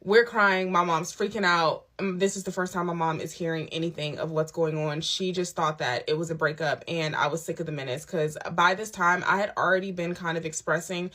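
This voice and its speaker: A woman telling her own story in a casual storytime monologue, candid and emphatic, with quick asides. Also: lowish voice, steady tone, fairly bright tone. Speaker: storyteller recounting a personal ordeal. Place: lives on a military base abroad.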